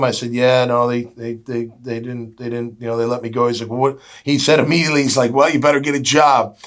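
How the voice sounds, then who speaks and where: A man's voice: mid-range voice, fairly even intonation, a little fast, few pauses. Chatty middle-aged man telling stories. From Jacksonville, Florida. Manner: chatty, acts out quoted dialogue, many "you know" fillers. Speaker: guest, former pro football player. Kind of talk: casual storytelling interview.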